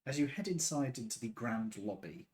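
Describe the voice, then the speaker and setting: Guy running a tabletop game, narrating the scene, pretty lively pitch. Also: normal speed. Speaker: game master.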